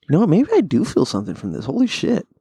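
Gravelly laid-back podcast host man. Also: on the high side, huge pitch swings, quick pace, dark tone, no echo, clean studio sound. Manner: rambling, profane, laid-back stoner talk. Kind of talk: casual solo podcast chat.

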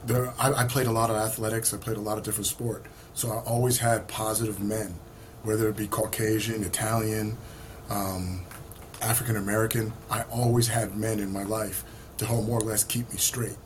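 A man who is a podcast guest, talking in a halting, reflective way in casual chat. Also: lowish voice, flat delivery, slight background noise.

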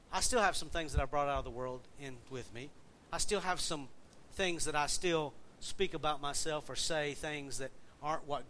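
A pastor from the American South with a Southern accent preaches in a relaxed, folksy way, chatting with his congregation and quizzing them as he goes. His voice sits a little higher than most men's. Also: a little hiss or hum. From Southern United States. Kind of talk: sermon.

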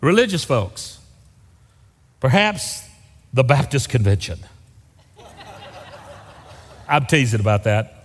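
Man preaching, folksy and joking, lively rising and falling pitch, long church reverb. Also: takes it slowly, long pauses. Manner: folksy, joking, acts out voices of people in the story. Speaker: pastor. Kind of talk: sermon. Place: church sanctuary.

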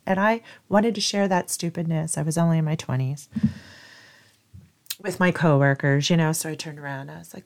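A woman with a low, deep-set voice tells a story from her own life to the camera. She talks candidly and casually, drops the odd curse word and wanders into little asides before picking the thread back up. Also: steady tone, normal speed. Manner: candid and chatty, swears casually, digresses. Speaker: vlogger. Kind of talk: personal storytelling monologue.

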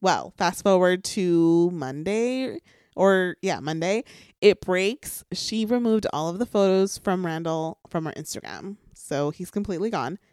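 A woman's voice: lowish voice, animated, unhurried, darkish tone, clean tone, no room sound. Chatty young woman gossiping, dry sound. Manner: chatty gossipy storytelling, many "like" fillers. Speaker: podcast co-host. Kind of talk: casual chat recapping reality TV.

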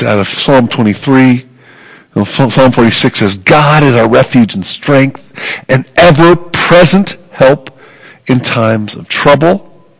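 Male pastor, slow deliberate sermon delivery, gravelly edge, emphatic repetition. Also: medium pitch, rough recording. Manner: earnest, emphatic preaching with repeated phrases.

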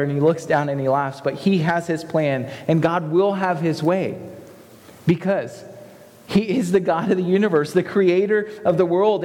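A man's voice: a little high, darkish tone. A young adult man preaching a sermon earnestly, building to emphatic passages. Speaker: pastor. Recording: long reverb of a hall.

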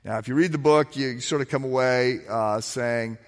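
Preacher with a big hall echo. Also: male voice, mid-range voice, moderate pace. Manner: conversational, animated storytelling with rhetorical asides. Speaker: pastor. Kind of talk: sermon. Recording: long hall reverb.

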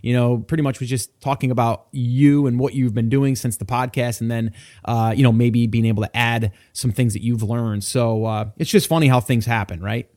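A man's voice: mid-range voice, fairly even intonation, normal speed, darkish tone. A man hosting a podcast, introducing a guest and chatting in an upbeat, casual way. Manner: upbeat, laughs easily. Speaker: podcast host.

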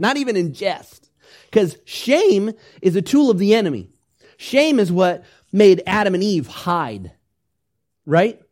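A male pastor with a voice a little high for a man preaches a sermon, alternating loud, urgent emphasis with soft, tender asides. He repeatedly asks the congregation questions and leads them in repeating phrases after him.

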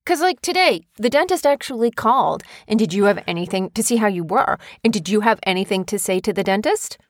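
A woman's voice: medium pitch, fairly quick, dry recording. A woman, co-hosting a casual chat with her young son and turning stories into lessons. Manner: animated storytelling, teaching tone. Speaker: podcast co-host, mother. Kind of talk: casual parent-child chat.

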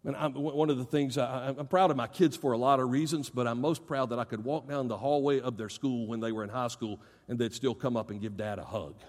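Middle-aged pastor preaching in an echoing hall. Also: male voice, medium pitch, fairly even intonation, a little fast, hardly any pauses, darkish tone. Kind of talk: sermon. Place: church sanctuary. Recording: long reverb of a large church hall.

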